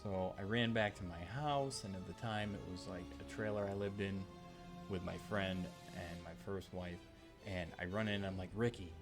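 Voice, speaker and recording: A man's voice: low voice, steady tone, moderate pace, over music. A man telling a rambling story in a casual vlog, full of fillers and asides. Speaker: channel host telling a story.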